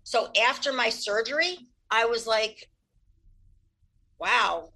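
Bright-voiced fast-talking woman. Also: mid-range voice, low-quality recording. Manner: fast, animated, laughs often. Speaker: Reiki practitioner. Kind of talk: candid interview answers.

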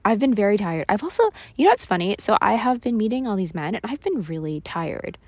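Brisk, with big pitch swings in a medium-pitched voice, a woman talks through her solo podcast in a candid, self-deprecating confessional monologue. She sounds tired, swears and laughs often, and the recording has no echo.

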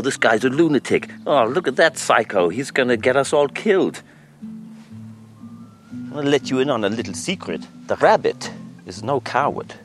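A man's voice: medium pitch, close to an everyday voice. An actor playing a goofy, flamboyant imaginary dictator friend, delivering his film dialogue in a theatrical, coaxing way.

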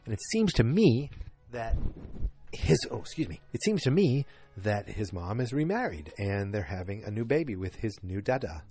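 A man's voice: fairly low pitch, very animated, moderate pace, warm tone. Chatty man recapping a TV episode. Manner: chatty, rambling, many fillers and restarts. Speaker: podcast host.

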